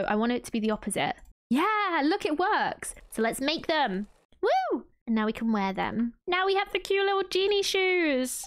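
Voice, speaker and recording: A woman streamer giving casual let's-play commentary, excitable and gushing as she gasps and laughs her way through the game. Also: a little high. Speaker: gaming streamer.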